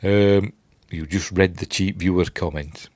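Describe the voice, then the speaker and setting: Deep, steady and a little mellow, this older Yorkshire man speaks at a measured pace. He's hosting a casual live-stream chat at home late at night, rambling and mocking himself while going through viewers' comments.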